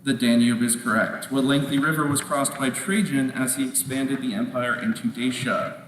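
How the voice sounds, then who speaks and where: A man moderating a quiz competition, reading questions aloud in a measured way, repeating them and ruling on each answer. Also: mid-range voice, fairly even intonation, fairly bright tone. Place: large indoor competition hall. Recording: echoey hall from far off, faint noise.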